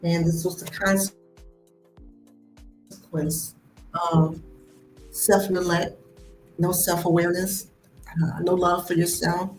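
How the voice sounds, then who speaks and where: A woman hosting a live stream, telling a personal story in a lively way and acting out the voices of the people in it. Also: on the low side, takes it slowly, pauses often. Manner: animated, acts out the voices in her story. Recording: echoey room with faint music behind.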